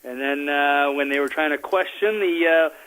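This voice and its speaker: Halting, agreeable male talk show guest. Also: on the high side, fairly bright tone, poor audio. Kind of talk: casual political talk.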